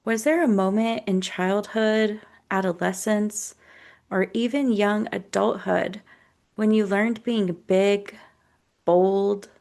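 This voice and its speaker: A woman's voice: mid-range voice, creaky. A woman therapist co-hosting a self-help podcast, speaking thoughtfully with frequent ums and likes, reflecting on childhood and inviting listeners to journal. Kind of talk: casual podcast chat, reflective.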